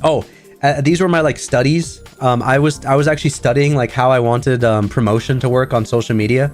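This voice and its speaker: A man in an ordinary mid-pitched voice, talking casually to his stream chat. He rambles, restarts and leans on fillers, and soft music plays faintly underneath. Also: fairly even intonation, brisk. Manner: rambling, filler-heavy, chatty. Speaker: VTuber streamer.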